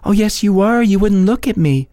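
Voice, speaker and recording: A man voicing a coy young woman in love in a read-aloud story, speaking in a raised, bright tone. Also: high voice, lively intonation, normal speed, no room sound, studio quality, voice pushed up. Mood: pouty. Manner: lifted, bright pleading tone.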